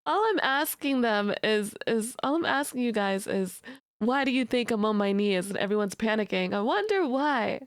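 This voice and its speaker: Young woman streamer, high and unhurried, giggly and teasing, dry close sound. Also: lively intonation, no echo. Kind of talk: casual live-stream chat.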